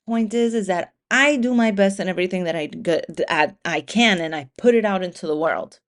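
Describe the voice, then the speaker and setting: A woman's voice: lowish voice, moderate pace. A woman hosting a solo motivational podcast, talking casually with lots of swearing and acting out the inner voices of imagined runners. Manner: animated, profane, acts out imagined racers' thoughts. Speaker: podcast host.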